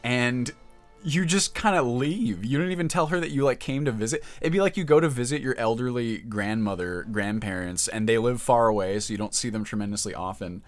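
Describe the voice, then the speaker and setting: A man's voice: medium pitch, brisk. A man streaming live in casual chat, rambling and emotional, often breaking off mid-sentence. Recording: music playing in the background.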